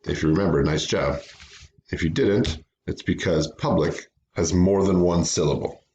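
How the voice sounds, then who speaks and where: Very deep-voiced man teaching phonics slowly. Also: darkish tone, lo-fi sound. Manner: patient, slow, sounds out words syllable by syllable. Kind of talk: recorded phonics lesson for children.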